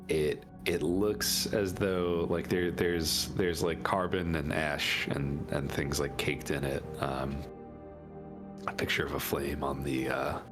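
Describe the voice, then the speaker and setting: A man with an extremely deep voice narrates a tabletop game as game master. He talks slowly, stopping and restarting as he describes the scene. Music plays softly behind him. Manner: halting, with many fillers and restarts.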